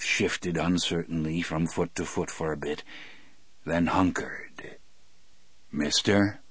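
Male audiobook narrator, very deep voice, slow and grave, dry close studio sound. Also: fairly bright tone, husky, dry recording. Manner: measured, grave, unhurried storytelling. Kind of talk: scripted first-person audiobook narration.

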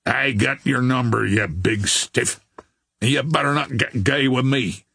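A man's voice: medium pitch, a little slow, creaky, bright, forceful tone, husky, no room sound, studio quality, heavily acted. A man voicing a brutish young male street tough who sneers in tough slang. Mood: menacing.

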